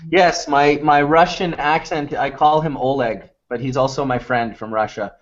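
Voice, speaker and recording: A man's voice: mid-range voice, fairly even intonation, normal speed, slight background noise. Laid-back man hosting a video chat. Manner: laid-back, rambling with fillers. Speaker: host. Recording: muffled lo-fi web stream.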